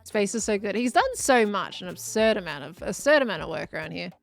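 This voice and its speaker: A woman's voice: mid-range voice, animated, fairly quick, gravelly, faint music behind. A woman chatting casually with her live chat while she plays, thinking aloud as she goes. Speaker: streamer.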